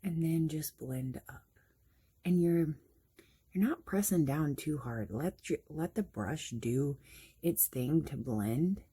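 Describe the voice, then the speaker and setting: A woman talks through her morning makeup routine in a casual, chatty way, explaining each step as she goes. Her voice is slightly husky. She often pokes fun at herself. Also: sits low, expressive, takes it slowly, dark tone. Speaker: makeup vlogger.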